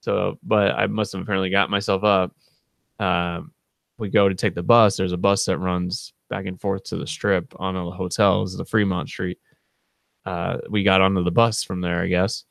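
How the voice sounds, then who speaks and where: Low gravelly dude rambling through a story on his vlog, dry close sound. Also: little pitch movement, moderate pace, a bit bright, dry recording. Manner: rambling, laid-back, full of fillers. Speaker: channel co-host.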